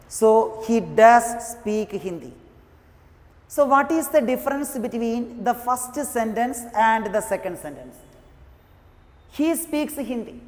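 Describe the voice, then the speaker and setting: A woman teaching an English grammar lesson, talking slowly, repeating each example and saying "you know" often. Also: a little high. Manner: slow, repetitive, says "you know" often. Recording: echoey room with long reverb.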